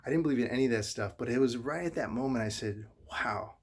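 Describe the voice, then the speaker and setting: A middle-aged man, a father, telling viewers a painful personal story in a halting, earnest way, often repeating himself. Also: mid-range voice, a little mellow. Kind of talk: emotional personal monologue to viewers.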